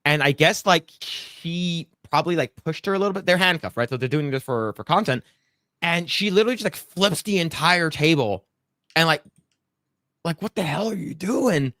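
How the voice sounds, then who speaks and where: A man hosting a podcast, talking in an animated, rambling way with many fillers. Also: fairly high pitch, normal speed, no room sound, clean studio sound. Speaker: podcast host. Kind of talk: casual commentary.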